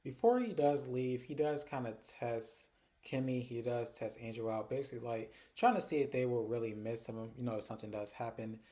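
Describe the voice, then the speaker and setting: A man hosts a laid-back recap of a TV series, talking through the plot in a loose, chatty way. His voice has a dark, mellow tone. His pitch sits in an ordinary middle range. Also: brisk. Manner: chatty and conversational, retells scenes with lots of "like". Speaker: TV recap host. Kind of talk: casual TV episode recap.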